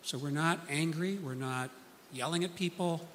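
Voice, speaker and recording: A man's voice: fairly high pitch, moderate pace, a bit bright, long reverb tail, slight background noise. A man preaching a sermon, telling stories earnestly and acting out the people he quotes.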